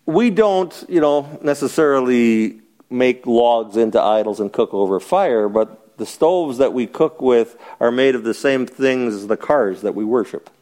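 A man's voice: mid-range voice, expressive, measured pace, darkish tone. A middle-aged man as a pastor, teaching a Bible study in a conversational, joking way and asking the group questions.

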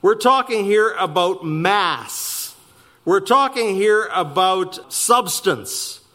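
A man preaching a sermon, slowing down to stress key words and speeding through asides. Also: high-pitched. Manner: animated preaching, slowing for emphasis and rushing asides. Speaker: pastor.

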